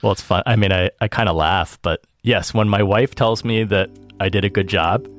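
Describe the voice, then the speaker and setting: A man's voice: fairly low pitch, steady tone, normal speed, soft background music. A man hosting a podcast and chatting casually, laughing often and acting out what family members say. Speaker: podcast host. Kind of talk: casual chat.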